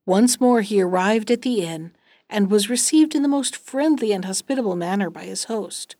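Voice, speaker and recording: A woman hosting a storytelling show, reading a fairy tale aloud in a gentle, even way and closing with listener notes. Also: mid-range voice, moderate pace, no echo, studio quality. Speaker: storyteller and podcast host.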